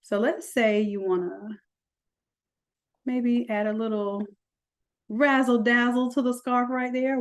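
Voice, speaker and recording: A woman's voice: a little high, fairly even intonation, slow pace, pauses often. Chatty woman teaching a design tutorial. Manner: chatty, folksy asides. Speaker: design instructor. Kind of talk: screen-recorded software tutorial.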